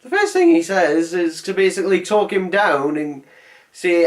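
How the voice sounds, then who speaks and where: A man's voice: high voice, sing-song, normal speed. A man voicing a sarcastic, rambling film review. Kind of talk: comedic film review voice-over.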